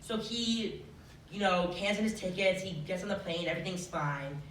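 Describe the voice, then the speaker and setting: A teenage student tells a true story to a school audience, chatty and peppered with filler words. The voice sits at a middling pitch and is caught from a distant mic in a roomy hall. The recording is noisy, with audience laughter behind it. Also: moderate pace, a bit bright. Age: teen. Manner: chatty, many filler likes. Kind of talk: live true-story telling.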